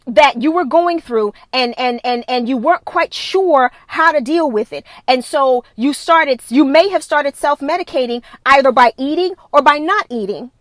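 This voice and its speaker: Emphatic high-voiced woman coach. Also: normal speed, hardly any pauses, fairly bright tone, no room sound. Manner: emphatic, repetitive, preachy. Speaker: wellness coach. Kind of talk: live-streamed motivational talk. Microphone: phone.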